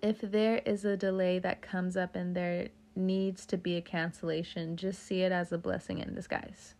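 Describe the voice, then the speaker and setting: Young woman reading tarot cards, kinda low voice, jokey and sweary, goes off on rants. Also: level tone, normal speed, darkish tone. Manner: joking, profane, talks off on tangents. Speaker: tarot reader.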